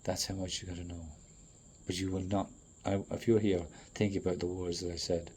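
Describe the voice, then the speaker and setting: A man in a profane, rambling monologue that swings between loud outbursts and low muttering. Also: flat delivery, a little fast, a little hiss or hum. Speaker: traveling performer.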